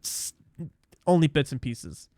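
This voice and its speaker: A man's voice: mid-range voice, big pitch swings, measured pace, mellow, dry recording, clean studio sound. A male podcast host chatting casually with guests, rambling and interrupting himself, then narrating a script. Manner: rambling, self-interrupting, laughs easily.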